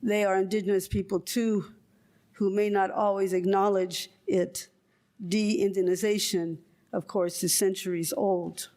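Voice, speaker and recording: An older woman from California reads a prepared lecture in a measured, rhetorical way and breaks off for wry, joking asides. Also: mid-range voice, level tone, darkish tone. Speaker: guest lecturer.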